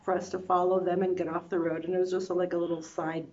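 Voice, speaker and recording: A woman vlogger telling her own travel story in a casual, animated way, often restarting sentences and adding quick asides. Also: fairly low pitch, dull audio, slight background noise.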